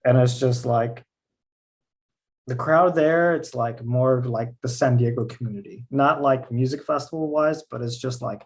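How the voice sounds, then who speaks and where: A man's voice: mid-range voice, moderate pace. A man from the US West Coast talking casually on a podcast, laid-back and slangy with some swearing.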